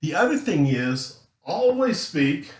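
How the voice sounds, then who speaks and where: Male teacher, slightly higher voice, emphatic and deliberate, echoey room. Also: very animated. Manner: earnest, emphatic, deliberately slowed delivery. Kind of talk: recorded classroom lesson. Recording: roomy echo.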